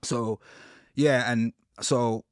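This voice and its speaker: A man, a podcast guest telling his story in a casual, animated way. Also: mid-range voice, drawn-out words, clean tone, no room sound, clean studio sound. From United Kingdom. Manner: animated storyteller, acts out quotes with slang.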